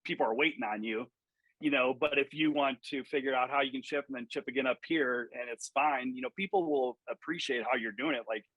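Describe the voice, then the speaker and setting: A man's voice: medium pitch, brisk, fairly bright tone, dry recording, low-quality recording. A man who coaches golf, telling stories animatedly in a podcast interview, acting out quotes and swearing freely.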